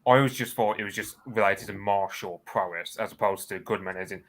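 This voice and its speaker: A man's voice: on the low side, a little fast, a bit bright. A man in a casual chat who thinks aloud, hesitant and full of fillers.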